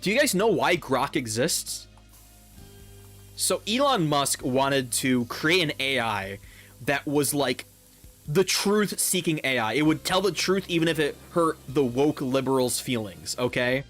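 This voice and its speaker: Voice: mid-range voice, lively intonation, unhurried, a bit bright, faint music behind. A gaming YouTuber ranting over gameplay in a heated, profane way, often repeating words.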